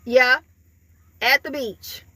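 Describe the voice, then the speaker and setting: A woman's voice: sits high, fairly even intonation, slow pace, pushed and bright, dry recording. A woman giving a casual spiritual reading to her viewers, talking in a loose, rambling way full of fillers and laughter. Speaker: spiritual reader.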